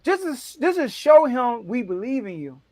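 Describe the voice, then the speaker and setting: A man hosting a casual sports debate show, telling stories in an animated, excitable way with big jumps in his voice. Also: extremely high pitch, normal speed, no room sound.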